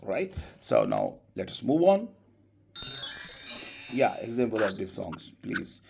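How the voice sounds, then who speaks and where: A male teacher leads a pronunciation class, stretching out each sound and nudging students to answer and repeat after him. His pitch swings widely from word to word, and his slow delivery has a gravelly edge. He is a native Urdu speaker teaching in English. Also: huge pitch swings, music in the background. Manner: slow, drawn-out modeling of sounds, coaxing students with "come on, please".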